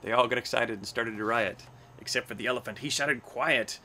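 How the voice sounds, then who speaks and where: Reading quickly in a steady, sharp-toned voice of medium pitch, a man works through a children's rhyming storybook aboard a space station. He lends the animals small sing-song voices, with slight background noise behind him.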